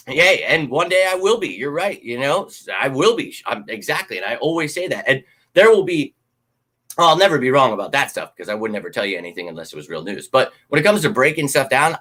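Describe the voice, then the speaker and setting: A man hosting a sports fan channel, chatting casually and bluntly with viewers, swearing freely and getting worked up. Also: mid-range voice. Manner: animated, blunt, swears, talks straight to viewers. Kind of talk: casual live-stream chat.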